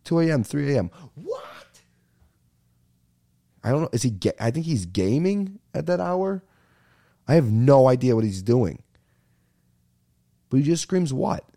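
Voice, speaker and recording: A young man with a mellow, medium-pitched voice hosts a podcast, delivering a casual, animated comedic rant. He swears and calls everyone "dude."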